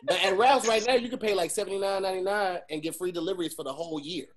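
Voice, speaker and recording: A man's voice: high-pitched, rapid-fire. A man co-hosting a podcast who teases his co-hosts in playful banter. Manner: teasing, playful ribbing. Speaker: podcast co-host.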